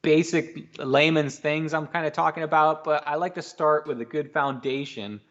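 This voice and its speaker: A man co-hosting a casual fishing talk livestream, relaxed and patiently explaining the basics. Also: a little high, moderate pace, dull audio. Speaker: co-host of a fishing talk show.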